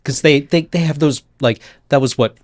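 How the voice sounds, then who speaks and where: A man playing a tabletop game, talking slowly and hesitantly with many fillers. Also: fairly high pitch, no room sound, studio quality. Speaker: player. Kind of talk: tabletop role-play chat.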